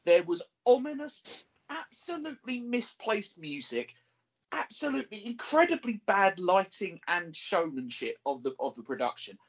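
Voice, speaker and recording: A man's voice: sits high, very animated, normal speed, husky. A man, a regular on a TV review podcast, giving an exasperated, ranting critique in casual chat.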